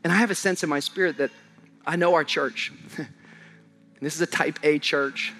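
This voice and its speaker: A young adult male pastor preaching a sermon in a church, swinging from shouted high points to quiet low passages, with humorous conversational asides to the congregation. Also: moderate pace, soft background music. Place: church auditorium.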